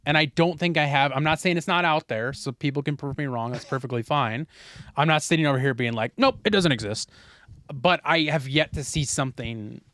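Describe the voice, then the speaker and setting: Animated young man, opinionated podcast co-host. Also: on the high side, a little fast, no room sound. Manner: animated, opinionated, frequent swearing and fillers. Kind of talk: casual chat.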